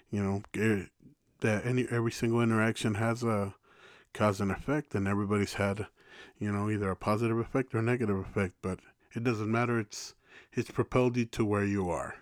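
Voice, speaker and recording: Male podcast co-host with a lowish voice, reflective and rambling, recorded dry and close. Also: fairly even intonation, a little fast, no echo. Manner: reflective, rambling, many restarts and "you know". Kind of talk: casual podcast conversation.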